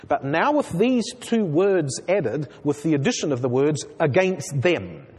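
A man delivers a sermon in a high, husky voice that rises and falls sharply as he presses his congregation with earnest rhetorical questions. His words ring out with a long reverb, as if heard in a large church hall. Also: darkish tone. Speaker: preacher. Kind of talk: expository sermon.

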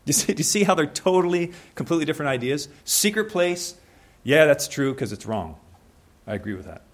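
A young man preaching a sermon in a conversational way, acting out little scenes with quick changes of voice. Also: on the high side, expressive.

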